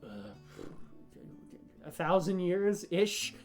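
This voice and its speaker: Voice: medium pitch, very animated, very slow, faint music behind. A game master voicing an ancient orc spirit freed from a sword after a thousand years, talking in a casual, wondering, slightly bumbling way. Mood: awkward.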